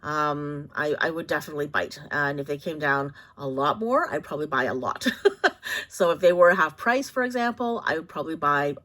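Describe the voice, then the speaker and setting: A woman vlogging casually about products, rambling with many fillers and quick self-corrections. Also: low voice, lively intonation, fairly bright tone. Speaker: vlogger reviewing bags.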